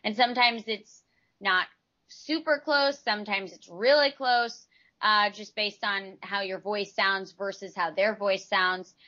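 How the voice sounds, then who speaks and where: Bright, chatty woman from Texas, voice-actor interview guest, rambling answers, muffled lo-fi audio. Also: medium pitch, steady tone, a little slow. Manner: chatty, rambling explanations with restarts. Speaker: voice actress, guest.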